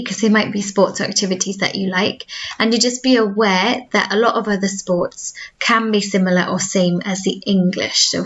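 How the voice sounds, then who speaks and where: This woman's medium-pitched, somewhat bright voice comes through with the highs cut off. She teaches school languages and has a Welsh accent, and in her recorded video lesson she explains with clarity and patience, repeating each model word.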